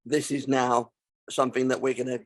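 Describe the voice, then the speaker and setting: A man's voice: mid-range voice, flat delivery, fairly quick. A man co-hosting a casual film podcast, chatty and explaining at length. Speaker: podcast co-host.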